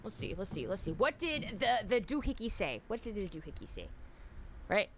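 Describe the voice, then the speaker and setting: A woman's voice: medium pitch, sing-song, normal speed, a little hiss or hum. A woman streamer, giving jumpy live commentary on a horror game, shrieking in fright and chatting with her viewers.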